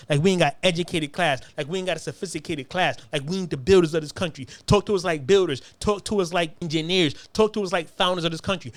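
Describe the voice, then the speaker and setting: A man's voice: a little high, dry recording. An American man delivering a heated, profane monologue, hammering his points with repeated phrases. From United States. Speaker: commentator.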